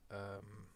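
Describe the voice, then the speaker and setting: A man's voice: lowish voice, creaky. Sweary man commentating his race. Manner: excitable and sweary, jumps between mutters and loud outbursts. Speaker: sim racing streamer. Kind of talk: live gameplay commentary.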